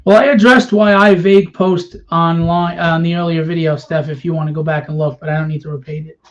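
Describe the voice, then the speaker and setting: A man's voice: fairly high pitch, steady tone, a little fast. A man ranting to camera, bitter and confrontational, firing rhetorical questions at his audience. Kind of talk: impassioned rant to camera. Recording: dull lo-fi sound.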